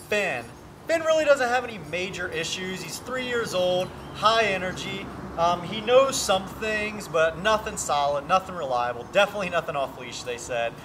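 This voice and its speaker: High-voiced man training a dog outdoors. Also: noisy background. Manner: firm short commands to a dog. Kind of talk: casual video commentary. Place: outdoor backyard.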